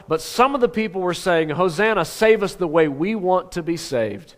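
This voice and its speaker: Pastor, male, higher register, preaching with lively swings from exclaiming to near-whisper. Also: normal speed. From Oklahoma. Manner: animated, with sudden loud exclamations and hushed asides. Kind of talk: sermon. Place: church sanctuary.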